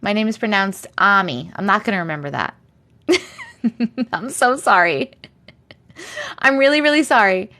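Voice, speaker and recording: A woman with a Long Island accent, chatting casually on a livestream and reading viewer comments, talking in a chatty, animated way full of giggles. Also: medium pitch, a little slow, pauses often. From Long Island, New York. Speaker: livestream host.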